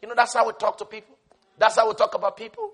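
Male preacher, very high and bright, passionate and repetitive, from shouts to hushes. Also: big pitch swings, fast talker. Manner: repetitive, emphatic. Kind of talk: sermon.

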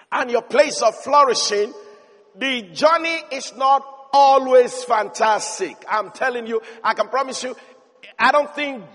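High pitched preacher guy, animated, shouting praise, big echoey hall. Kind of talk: sermon. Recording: long reverb of a large hall.

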